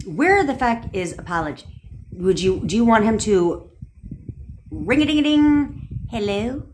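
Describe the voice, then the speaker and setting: A woman's voice: medium pitch, slight background noise. Blunt, profane woman ranting on a livestream. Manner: blunt, profane, rhetorical questions. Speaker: manifestation coach. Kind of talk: livestream rant answering viewer comments. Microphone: phone livestream.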